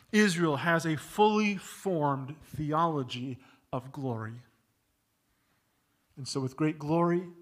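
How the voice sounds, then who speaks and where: A man preaching a sermon, building to loud emphatic peaks and dropping low for contrast. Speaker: pastor.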